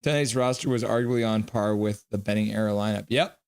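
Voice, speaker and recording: A man's voice: on the low side, a little fast, smooth. A man hosting a live stream, chatting casually, reading out viewer comments and teasing and thanking people by name. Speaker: livestream host.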